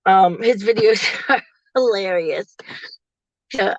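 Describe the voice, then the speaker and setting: A woman in her forties chatting casually to viewers from her parked car, laughing often and getting animated when she quotes people. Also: medium pitch, slow, dry recording, lo-fi sound. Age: 40s. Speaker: livestream host.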